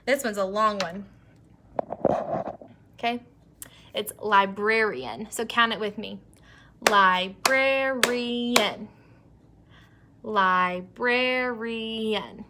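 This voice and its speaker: A young woman teacher leading an early-grade phonics lesson, stretching out words slowly and praising the children. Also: medium pitch, expressive, very noisy. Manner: slow, drawn-out word modeling, encouraging.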